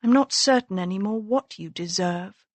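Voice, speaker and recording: A woman voicing a sharp-tongued young noblewoman in an audiobook, with an arch, teasing manner. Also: mid-range voice, normal speed, no echo, lightly acted. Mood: earnest. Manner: arch, teasing, mock-concerned.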